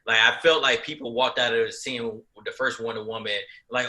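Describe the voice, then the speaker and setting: Man with a very bright voice. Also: mid-range voice, fairly even intonation, fairly quick, hardly any pauses. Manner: emphatic, repeats himself. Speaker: film crew member. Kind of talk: casual chat, game discussion.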